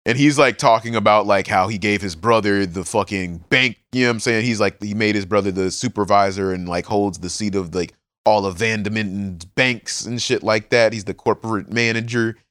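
Low-voiced male podcast co-host, animated, profane, slangy recapper, dry close sound. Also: brisk, few pauses, dry recording. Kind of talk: casual chat recapping a manga.

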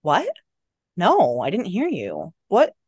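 A woman's voice: lowish voice, huge pitch swings, slow pace, darkish tone, slightly rough, no room sound, clean studio sound, exaggerated voice. A woman voicing a young man, her boyfriend character, who asks earnest, worried questions in a novel reading. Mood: puzzled. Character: young man, boyfriend, calm then uneasy.

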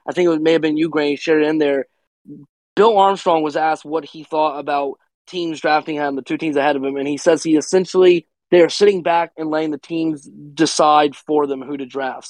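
A man co-hosting a casual podcast, rambling as he reasons things through aloud. His voice sits a little high, and the recording is dry and close. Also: dry recording, poor audio. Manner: rambling, many "you know" fillers. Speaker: podcast co-host. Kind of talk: casual hockey podcast chat.

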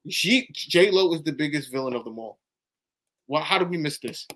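A man's voice: a little high, lively intonation, moderate pace, a bit bright. Joking man co-hosting a sports podcast. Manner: joking, emphatic. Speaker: podcast co-host. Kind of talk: casual sports chat.

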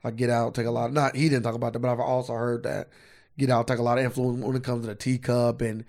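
Talking fast with a flat delivery, this man's medium-pitched voice has a darkish tone. He co-hosts a podcast in a loose, profane way, at times reading facts off a screen during the casual chat.

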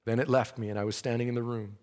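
A man's voice: mid-range voice, little pitch movement, fast, a little mellow, in a large hall. A man preaching a sermon, telling a story dramatically and breaking into praise.

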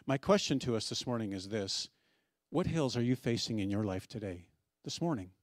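A middle-aged man preaching a sermon as pastor, telling stories in a conversational way with gentle humor. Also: on the low side, expressive, moderate pace, no echo, clean studio sound.

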